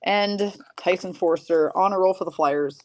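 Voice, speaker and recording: A woman with a somewhat low voice hosts a live-streamed card break. She reads off player names and teams in a steady run and drops in casual, chatty asides to viewers. Her throat sounds a little rough, and she coughs and clears it now and then. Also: moderate pace, dry recording.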